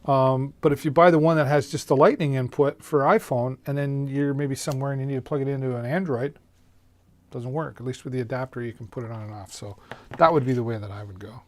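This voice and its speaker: A man hosting a casual live-stream where he pitches deals, talking in a chatty, folksy way with plenty of fillers and restarts. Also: fairly even intonation, quick pace. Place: home streaming setup. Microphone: studio microphone on a mixer.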